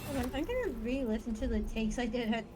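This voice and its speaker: Woman on a stream, highish lively voice, slow and musing, game music behind. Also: background noise. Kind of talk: casual live-stream chat.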